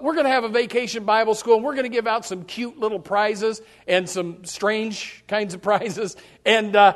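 A man preaching to his congregation in a high, swooping voice that climbs and falls across a wide range. He hammers home his points by repeating them and talks straight to the people in front of him. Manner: emphatic preaching with repeated phrases. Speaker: pastor. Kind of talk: sermon.

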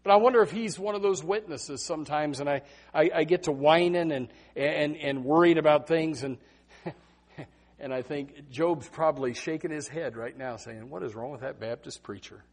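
Man, Baptist preacher, emphatic, higher voice, husky. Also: moderate pace. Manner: emphatic, swings from loud to hushed. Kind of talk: sermon.

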